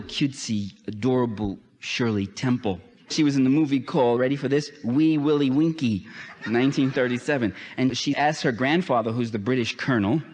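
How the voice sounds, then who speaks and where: A man giving a political lecture, emphatic, with sweeping rises and drops in pitch. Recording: long hall reverb.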